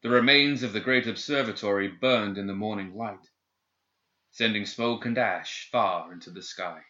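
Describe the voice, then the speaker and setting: Low-voiced man narrating an audiobook. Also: moderate pace, sharp tone. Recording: dull lo-fi recording.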